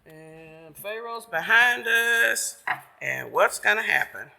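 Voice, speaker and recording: A man's voice: sits high, lively intonation, takes it slowly, creaky, bright, forceful tone, long reverb tail, voice pushed up, heavily acted. A man voicing the frightened, complaining Israelites in a retold story. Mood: panicked.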